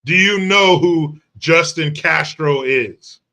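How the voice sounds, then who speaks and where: A man's voice: a little high, slow, gravelly, pushed and bright. A man hosting a live stream from the United States, reacting to chat in a brash, mocking, profane way. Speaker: livestream host.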